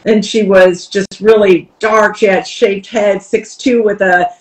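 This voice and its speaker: A woman's voice: mid-range voice, a little slow, poor audio. A woman, a podcast guest and coach, candidly telling stories in conversation and acting out the voices she quotes. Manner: lively, acts out quoted voices, laughs while telling.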